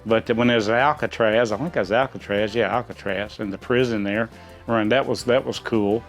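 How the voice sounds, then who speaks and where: Talking at normal speed in a lowish voice with fairly even intonation, a middle-aged man acts as quiz host in a casual chat, a gamer's dad fielding questions. His answers ramble in a folksy way over faint background music.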